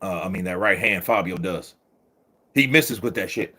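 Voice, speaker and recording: A man giving profane, excitable live commentary while watching a boxing match, often shouting at the referee. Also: deep voice, moderate pace.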